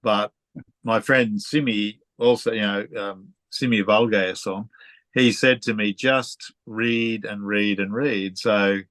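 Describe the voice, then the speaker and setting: Aussie guy chatting on a video call, low-ish voice, dead dry sound, tells stories n laughs a lot. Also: steady tone, takes it slowly, a bit bright, dry recording. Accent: Australian. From Australia. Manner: chatty, storytelling, laughs often. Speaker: interviewer. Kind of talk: casual conversational interview.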